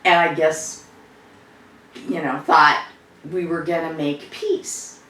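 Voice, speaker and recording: Woman playing a slow, low-voiced social worker. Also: steady tone, fairly bright tone. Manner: rambling, conversational storytelling with fillers. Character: adult woman social worker recounting a family row. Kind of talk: improvised dramatic monologue. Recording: echoey room, distant mic.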